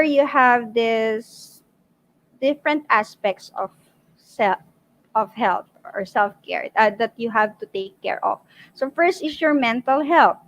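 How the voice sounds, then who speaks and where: A woman's voice: a little high, low-quality recording. A woman with a Filipino accent giving an online parenting seminar, often checking in with "okay?" and slipping into Tagalog. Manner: frequent "okay?" check-ins, switching into Tagalog.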